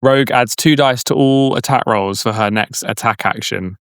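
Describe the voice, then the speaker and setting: A man's voice: medium pitch, moderate pace, a bit bright, smooth, dry recording. Eager man explaining in dry sound. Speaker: podcast co-host. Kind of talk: casual chat about a tabletop game.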